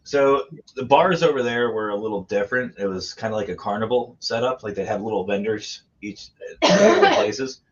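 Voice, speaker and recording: A man's voice: fairly low pitch, sing-song, moderate pace, breathy edge. A man telling crude, laughing travel stories in a casual podcast chat. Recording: dull lo-fi sound.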